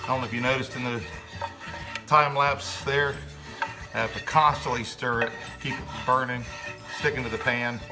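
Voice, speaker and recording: A man's voice: mid-range voice, fairly even intonation, normal speed. Man, home cook, casual chatty narration, fillers, background music.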